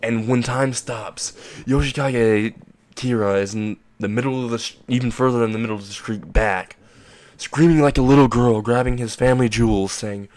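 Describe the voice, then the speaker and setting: A man's voice: mid-range voice, steady tone, normal speed, darkish tone. A young man casually narrating a fan-made anime crossover story, rambling and crude, laughing at his own jokes.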